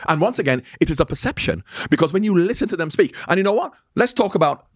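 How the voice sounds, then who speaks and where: Brief: man in his 60s, very fast talker, dry close sound, insistent and argumentative. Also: sits high, animated, no echo. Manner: emphatic, interrupts and pushes back. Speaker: guest. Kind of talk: heated debate.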